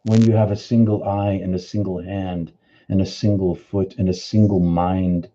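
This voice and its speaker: A man's voice: deep voice, level tone, normal speed, warm tone, muffled recording. A man from the Boston area giving an earnest, reflective spiritual teaching on a live stream, answering viewers' comments by name. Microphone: studio microphone.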